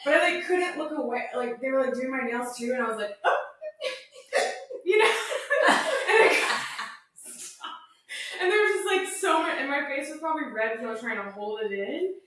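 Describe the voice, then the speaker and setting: A woman's voice: high-pitched, normal speed. A woman co-hosting a podcast, telling funny personal stories with lots of giggling in casual chat. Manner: expressive, giggly storytelling. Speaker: podcast co-host. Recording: echoey room, distant mic.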